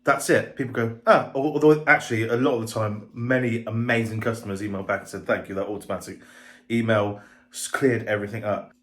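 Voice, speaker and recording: A man's voice: lowish voice, steady tone, fairly quick, a bit bright. Tipsy man rambling on camera. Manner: chatty, rambling, restarts sentences. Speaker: vlogger and restaurant owner. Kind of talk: casual vlog chat. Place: restaurant, indoors.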